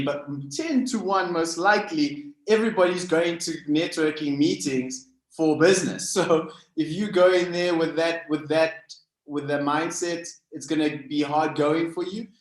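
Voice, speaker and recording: A man giving easygoing business advice in a casual chat. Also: a little high. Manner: easygoing, advising. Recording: echoey room.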